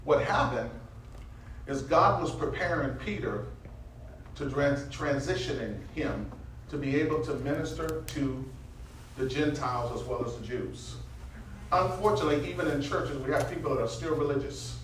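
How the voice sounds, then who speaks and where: A man preaching with a bright, forceful edge, stopping to teach and then rising into impassioned near-shouting. He works the room with call-and-response. The recording is echoey and picked up from a distance. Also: a little high, normal speed, a little hiss or hum. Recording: echoey room, mic from far off.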